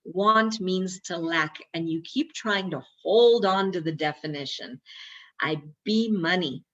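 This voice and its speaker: A woman reading aloud the lines of a spiritual teacher guiding a student, in her own low voice with light emphasis. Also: a little slow, fairly bright tone. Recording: dull lo-fi recording.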